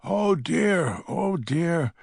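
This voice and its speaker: A man's voice: sits high, slow pace, vocal fry, breathy edge, dry recording, studio quality, pitched above the performer's own voice, exaggerated voice. A man putting on a flustered fluttery old lady. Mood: alarmed. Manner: fluttery, excitable. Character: fussy flustered old woman, nursing-home resident. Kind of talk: audiobook character voice.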